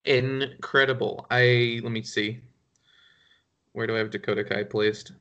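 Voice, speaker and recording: A man's voice: medium pitch, steady tone, unhurried, bright, forceful tone, muffled recording. A man co-hosting a casual podcast, rambling and often breaking into laughter mid-sentence. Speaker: podcast co-host.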